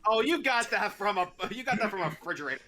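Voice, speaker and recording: A man in casual chat, spinning an anecdote with a bright, forward voice. His pitch leaps around as he talks, and he breaks into laughter often. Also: fast talker, slight background noise. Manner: animated storyteller, laughs often. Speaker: podcast co-host.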